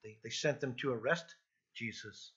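Bright, husky-voiced man preaching. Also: mid-range voice, normal speed. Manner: earnest, repeats words when emphasizing. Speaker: pastor. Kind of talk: expository sermon. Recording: dull lo-fi sound.

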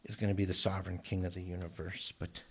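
A man's voice: low-pitched, little pitch movement, fast, vocal fry, breathy edge. A man preaching a sermon in an earnest, emphatic way, often repeating phrases for stress. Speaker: pastor.

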